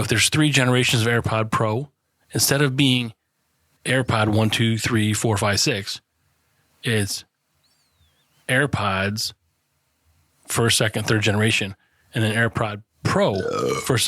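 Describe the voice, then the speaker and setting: A man's voice: medium pitch, moderate pace, long pauses, fairly bright tone, dry recording. A man co-hosting a podcast in a casual chat over beers, swearing freely, laughing often and telling stories with lots of animation. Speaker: podcast co-host.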